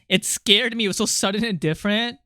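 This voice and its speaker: Excitable and rambling, this streamer talks through a voice changer while gaming, frequently laughing and reacting to the chat in a casual livestream. The voice is mid-range and brisk, with clean studio sound and no room sound.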